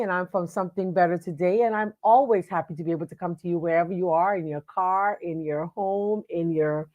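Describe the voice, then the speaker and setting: A woman with a lowish, darkish voice hosts a live online talk show from a home studio at a computer. She speaks casually, greeting viewers by name amid plenty of fillers and restarts.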